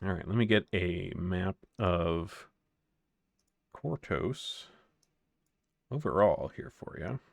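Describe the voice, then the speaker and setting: A man narrating as game master of a tabletop game, relaxed and descriptive. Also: sits low, slow pace, gravelly, pauses often, no echo, studio quality.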